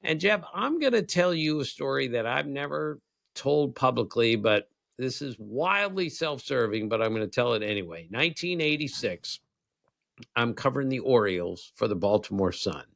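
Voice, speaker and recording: A former baseball writer in his sixties co-hosts a podcast, telling rambling baseball stories in casual chat and often breaking into laughs. His medium-pitched voice swings widely in pitch at a moderate pace, creaky and a bit bright, with no echo.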